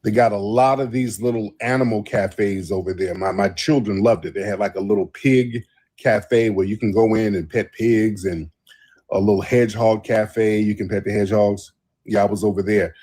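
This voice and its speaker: A man's voice: fairly low pitch, fairly even intonation, normal speed, warm tone, slightly rough. A man hosting a casual livestream chat, telling rambling, profanity-laced stories. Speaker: host.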